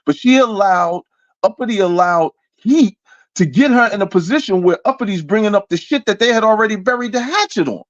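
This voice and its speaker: A man co-hosting a casual online talk show, excitable and repetitive as he breaks down drama. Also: sits high, fairly quick, no echo, dull audio. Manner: excitable, repeats himself, says bro a lot. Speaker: co-host. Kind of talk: casual commentary chat.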